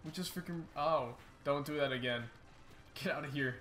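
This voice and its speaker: A young man hosting a casual let's-play, excitable and rambling, often restarting his sentences. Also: fairly high pitch, moderate pace. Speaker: YouTube gaming host.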